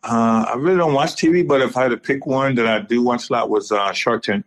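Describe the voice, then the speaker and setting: Laid-back former football player on the phone. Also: male voice, mid-range voice, a little fast, rough recording. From North Carolina. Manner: laid-back, laughs often, repeats phrases. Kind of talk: casual storytelling over the phone.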